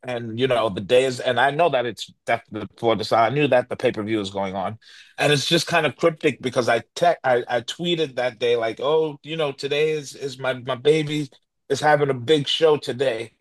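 A middle-aged man tells a story in a loose, rambling way, full of restarts and fillers. His pitch sits in the middle range, and he puts on the voices of the people he quotes. The sound is dry and close, with no room echo. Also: fairly quick. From New York. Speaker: guest. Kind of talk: animated storytelling.

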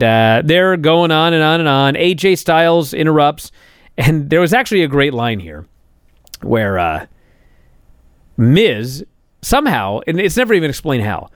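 A man's voice: fairly high pitch, dry recording, clean studio sound. A man giving a casual, sarcastic recap of a wrestling show, exasperated and building to indignant outbursts.

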